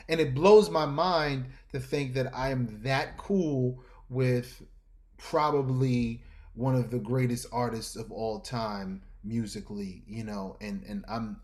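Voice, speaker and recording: A man from New York telling stories as a podcast guest, lively, jumping into exaggerated voices when he quotes himself. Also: medium pitch, measured pace. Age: adult with a school-age son. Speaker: guest artist. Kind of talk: casual storytelling.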